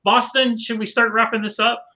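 A man's voice: extremely high pitch, flat delivery, moderate pace, bright, forceful tone. A man co-hosting a podcast in casual chat, telling rambling anecdotes full of filler words. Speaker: podcast co-host. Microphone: remote podcast recording.

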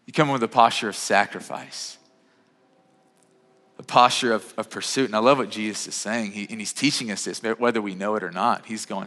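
A man's voice: fairly low pitch, fairly even intonation, a little fast, a bit bright. A man in his thirties preaching a sermon in a conversational way, often restarting and repeating words. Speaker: pastor. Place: church sanctuary. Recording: reverberant hall.

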